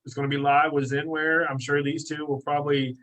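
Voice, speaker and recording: An American man appearing as a podcast guest who runs a detailing business, chatting casually and telling lively anecdotes. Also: fairly high pitch, a little fast, rough recording. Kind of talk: casual chat.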